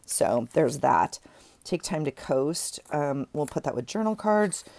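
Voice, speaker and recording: This woman vlogger's voice sits low, a little mellow with vocal fry, expressive and unhurried. She chats in a rambling way as she tidies her desk and goes through journaling supplies, correcting herself as she talks.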